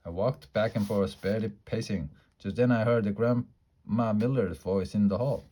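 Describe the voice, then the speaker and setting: A man with a fairly low voice reads a children's book aloud. He keeps it lively and playful. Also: moderate pace. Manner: lively, playful character voices in a child's first-person story. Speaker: storybook reader.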